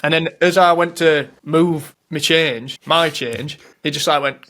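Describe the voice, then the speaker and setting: A man's voice: on the high side, a little slow, few pauses, bright, forceful tone. A man, co-hosting a podcast and telling stories about pet peeves in casual chat. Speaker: podcast co-host.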